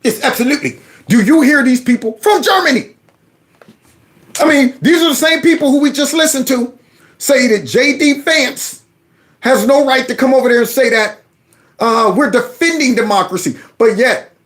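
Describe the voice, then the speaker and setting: A man's voice: extremely high pitch, lively intonation, normal speed, fairly bright tone. A man hosting his own commentary channel, reacting to a news clip in an incredulous, ranting way and acting out quotes.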